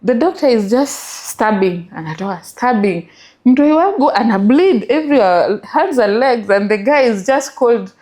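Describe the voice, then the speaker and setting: A woman's voice: fairly high pitch, lively intonation, a little slow, warm tone. A middle-aged woman with a Kenyan accent, telling her story as an interview guest and mixing English with Swahili.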